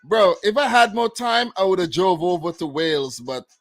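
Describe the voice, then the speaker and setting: A young man with a New York accent chats about football in a relaxed, slangy way. His voice sits a little high. He sounds close and dry, and he often says things twice. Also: moderate pace, dry recording, soft background music. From United States. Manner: laid-back, slangy, repeats himself. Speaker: football podcast host. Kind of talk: casual chat.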